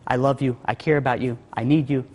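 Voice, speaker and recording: A man voicing a lonely wife who softly pleads with her husband. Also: mid-range voice, fairly even intonation, fast, voice pushed down, natural voice. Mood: pleading. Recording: long hall reverb.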